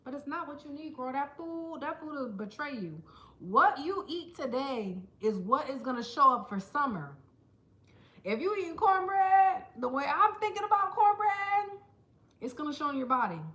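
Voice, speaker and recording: Bright, chatty woman vlogger. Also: high-pitched, animated, moderate pace. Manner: chatty, playful, talks to viewers as "girl" and "child". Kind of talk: casual chat to camera. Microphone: small handheld camera.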